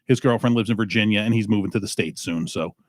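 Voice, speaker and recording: A man's voice: on the low side, fast talker, no room sound, clean studio sound. A man hosting a podcast in loose, casual chat, blunt and swearing freely. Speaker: podcast host.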